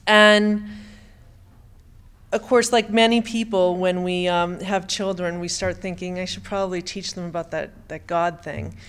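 A middle-aged woman giving an emotional personal testimony, halting and often restarting her sentences. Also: on the low side, fairly even intonation, a bit bright, smooth. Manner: halting, with frequent stammered restarts.

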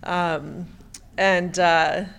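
Halting middle-aged woman telling her story. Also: fairly low pitch, steady tone, vocal fry, fairly bright tone, clear, resonant tone. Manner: halting, with frequent stammered restarts. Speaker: speaker giving personal testimony. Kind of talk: emotional personal testimony.

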